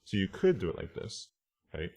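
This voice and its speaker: Low-voiced man teaching translation. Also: big pitch swings, normal speed, warm tone, husky. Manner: explains step by step, checks in with "right?" and "okay?"; reads Japanese phrases aloud. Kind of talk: casual online lesson.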